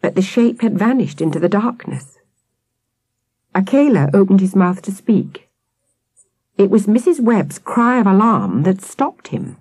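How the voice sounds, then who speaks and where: A woman narrating a children's audiobook with an expressive, dramatic reading. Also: mid-range voice, measured pace, breathy edge, no echo.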